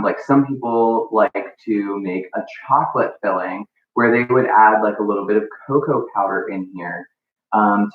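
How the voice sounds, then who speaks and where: Chatty man teaching baking, echoey tinny sound. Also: on the low side. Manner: casual, chatty, many ums and likes. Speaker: baking instructor. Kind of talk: live cooking demonstration. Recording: echoey room, far from mic, phone-like sound.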